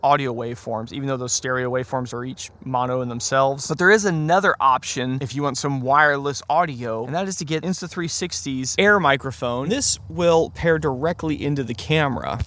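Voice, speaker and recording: A man's voice: mid-range voice, fairly quick, hardly any pauses, a bit bright. A man hosting a casual motorcycle gear vlog, chatty and self-deprecating with lots of fillers, sometimes testing mics on his bike. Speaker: motovlog host. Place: on a motorcycle outdoors in rain and traffic. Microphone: helmet mic and small clip-on wireless mic. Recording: noisy outdoor ride audio. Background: wind and road noise.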